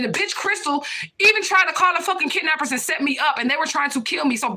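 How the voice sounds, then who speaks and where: A woman's voice: high-pitched, quick pace, sharp tone. A young woman reading cards on a live stream, speaking bluntly, swearing often and punctuating her points with "okay?" and "period, point blank.". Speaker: card reader. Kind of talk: casual live-stream talk.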